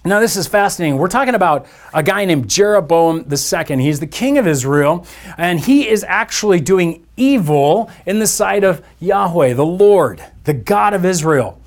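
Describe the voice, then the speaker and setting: A man's voice: sits high, lively intonation, normal speed. A man preaching a sermon as pastor, in a conversational style with playful asides to his listeners. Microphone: church podcast mic.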